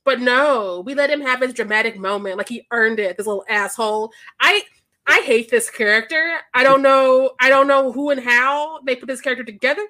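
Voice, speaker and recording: A woman in her thirties co-hosts a casual film podcast, her high, bright voice full of laughter. She swears freely and acts out what the characters said. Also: a little fast. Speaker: podcast co-host. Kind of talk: casual movie review chat.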